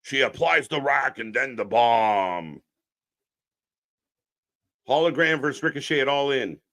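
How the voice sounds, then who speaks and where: A man with a mid-range, expressive and fairly bright voice hosts a live wrestling watch-along, taking his time. Talking to the chat, he delivers unscripted alternative commentary full of blunt sarcasm and swearing.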